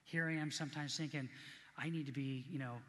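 A man's voice: fairly high pitch, steady tone, brisk, a bit bright, in a large hall. A middle-aged man preaching a sermon as pastor, earnest and conversational, repeating key points for emphasis.

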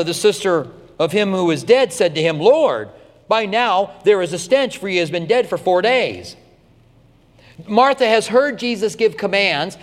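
A man's voice: on the high side, long reverb tail. A male pastor giving a conversational radio Bible teaching, with frequent restarts and asides.

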